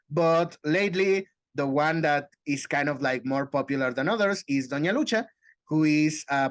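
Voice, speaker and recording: A man from Mexico, co-hosting a casual chat podcast and breaking into lively character voices. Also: on the high side, dry recording. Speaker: podcast co-host.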